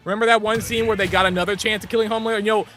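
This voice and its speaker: A young man live-streaming a game, ranting sarcastically in a casual, animated way. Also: high voice, rapid-fire, faint music behind. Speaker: gaming streamer.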